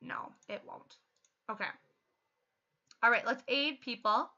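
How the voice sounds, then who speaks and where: A young adult woman chatting casually while streaming a game, excitable and quick to laugh. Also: fairly high pitch. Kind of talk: casual livestream chat. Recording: dull lo-fi audio.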